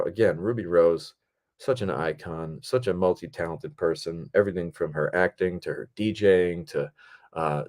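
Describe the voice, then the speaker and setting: A man with a very low, deep voice tells stories from a film set in an easygoing, rambling manner. He often jumps higher and louder to act out what people said, then drops back to his relaxed, talky pace. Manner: rambling and animated, acts out quotes in higher voices. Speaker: podcast host and film director. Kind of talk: casual storytelling monologue.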